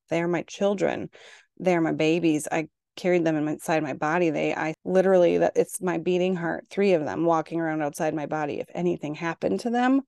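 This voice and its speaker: Mom from minnesota ranting about her teens, lowish voice, dry close sound. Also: dry recording. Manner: exasperated, animated storytelling with acted-out quotes. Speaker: podcast host. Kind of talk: casual podcast monologue.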